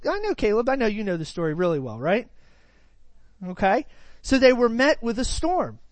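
Lively woman preaching a sermon. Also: fairly high pitch, normal speed, dry recording. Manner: lively, conversational, many rhetorical questions and "right?" tags. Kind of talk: sermon, retelling scripture.

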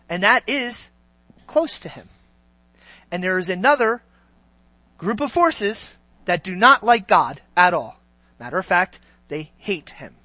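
Male pastor, high bright voice, chatty sermon delivery with frequent call-outs to the congregation, dry close sound. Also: no echo. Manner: conversational preaching with frequent "Amen?" and "okay?" check-ins.

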